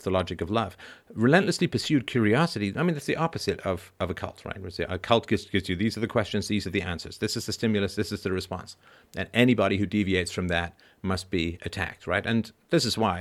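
A middle-aged man hosting a show, talking through ideas in a discursive, emphatic monologue and checking in with frequent tag questions. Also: on the low side. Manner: discursive, emphatic, constant "right?" tags. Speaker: podcast host. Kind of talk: philosophical monologue.

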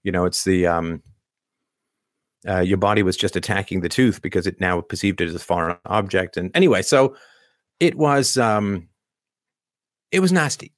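Lower-voiced man, chatty rambling monologue. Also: moderate pace, pauses often, no room sound, studio quality. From Canada. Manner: conversational, rambling with restarts and rhetorical questions. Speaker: show host. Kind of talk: casual monologue commentary.

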